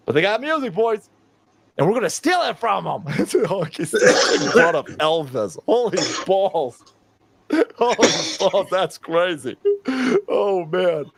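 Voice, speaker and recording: A man's voice: on the high side, gravelly, slight background noise. A man in his fifties doing sarcastic reaction commentary on a stream, mocking, ranting and laughing often. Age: 50s.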